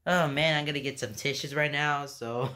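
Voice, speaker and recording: A man's voice: a little high, steady tone, normal speed, bright, forceful tone. A man hosting a reaction video, laughing helplessly to the point of tears as he talks. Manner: helpless laughter, talking through giggles. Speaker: channel host.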